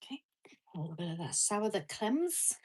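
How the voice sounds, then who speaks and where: A woman with a husky, breathy voice chats casually over her food. She keeps turning to talk sweetly to her dogs, apologizing and coaxing them between bites. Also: mid-range voice, sing-song, moderate pace, darkish tone. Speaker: vlogger. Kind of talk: casual eating vlog.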